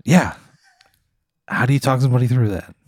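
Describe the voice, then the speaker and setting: A man's voice: medium pitch, a little fast, a little mellow, dry recording, studio quality. Exasperated male comedian. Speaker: comedian, podcast co-host. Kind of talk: casual comedic banter.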